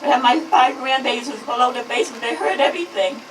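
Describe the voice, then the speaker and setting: A woman in her fifties, a grieving mother, giving an impassioned public speech at a rally. She is emphatic, repeats slogans and her voice rises toward shouts. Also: high voice, quick pace, roomy sound, recorded from a distance, slight background noise, low-quality recording.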